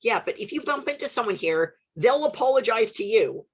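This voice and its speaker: A young adult woman from Canada hosting a podcast, telling stories in a casual, animated way, swearing and laughing often. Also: fairly high pitch, fairly quick, slight background noise. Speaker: podcast host. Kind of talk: casual chat.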